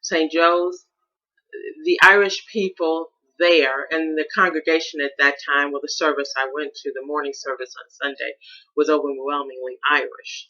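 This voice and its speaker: A woman's voice: deep voice, fairly even intonation, moderate pace, sharp tone, dull audio. A middle-aged woman from Chicago, hosting a reflective personal monologue in a thoughtful, searching way with restarts and stressed words. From Chicago, USA. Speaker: podcast host.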